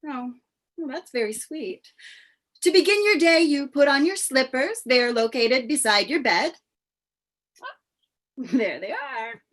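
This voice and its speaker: A woman playing a naive, polite amnesiac who speaks in a bright, wondering way, in a live play reading over a video call. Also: high-pitched, lively intonation, unhurried, long pauses, full character voice.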